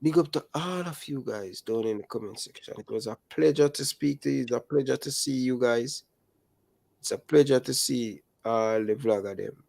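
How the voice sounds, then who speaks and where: A young adult man with a Jamaican accent, chatting casually about football in animated patois. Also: medium pitch, gravelly, no echo. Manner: animated, speaks Jamaican patois and calls listeners brother. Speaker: football channel host. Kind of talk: casual chat.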